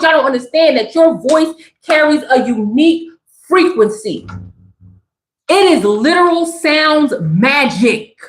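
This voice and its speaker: A woman giving a spiritual message on a live stream, talking in an animated, emphatic, slangy and preachy way. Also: sits high. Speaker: spiritual reader. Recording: roomy echo.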